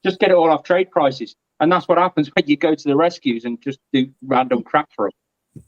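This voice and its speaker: A man's voice: fairly high pitch, brisk, no echo, lo-fi sound. A man chatting casually and animatedly on a live stream over a video call. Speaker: guest.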